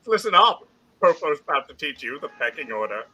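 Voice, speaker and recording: Man voicing a high sing-song menacing servant, swooping voice, loud hiss behind. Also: big pitch swings, brisk. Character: menacing male servant who speaks of himself in third person. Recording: noisy played clip.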